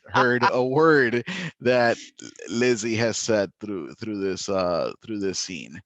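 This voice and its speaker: A man teaching a literature lesson, talking in a lively, chatty way with frequent laughter and restarts. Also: on the low side, no echo. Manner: animated, chatty, laughs often, many restarts. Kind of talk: recorded classroom lesson.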